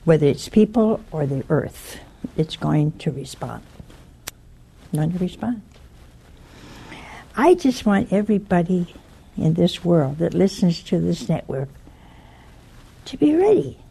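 A woman speaks in a low, husky voice, slow and unhurried. Her tone is mellow and earnest, and she tells her story plainly with a quiet urgency. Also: big pitch swings. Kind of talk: earnest spoken warning and storytelling.

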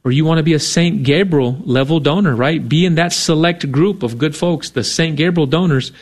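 A man with a fairly high voice at a moderate pace co-hosts a radio fundraiser, earnestly and persuasively coaxing listeners to give on air and often adding "right?".

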